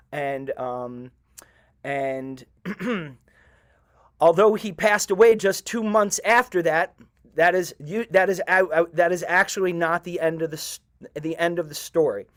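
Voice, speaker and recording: Middle-aged man, somewhat high voice, earnest halting storyteller addressing a live audience. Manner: earnest, halting, with many pauses. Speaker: storyteller at a community event.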